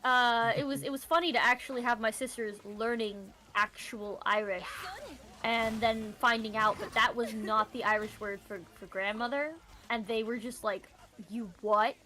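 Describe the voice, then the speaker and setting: Bright-voiced chatty woman. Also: fairly high pitch, fairly even intonation, moderate pace. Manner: chatty, rambling with hedges. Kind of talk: casual chat.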